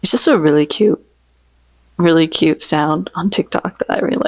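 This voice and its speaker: A woman's voice: sits low, normal speed, dry recording. A woman vlogging in a casual, rambling, chatty way, joking about her favorite memes and impressions. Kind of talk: casual chat.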